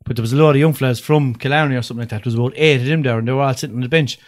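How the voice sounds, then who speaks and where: Fast-talking young Irish man telling a story. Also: medium pitch. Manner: animated, swears freely, acts out quotes. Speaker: podcast guest. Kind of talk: casual storytelling chat.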